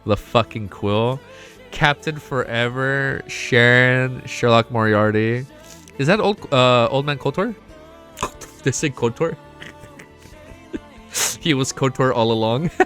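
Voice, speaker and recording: A young man streaming a casual reaction, excitable and swearing often, laughing between remarks. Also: medium pitch, slow pace, pauses often, soft background music. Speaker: streamer reacting to a web novel. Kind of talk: casual live reaction chat.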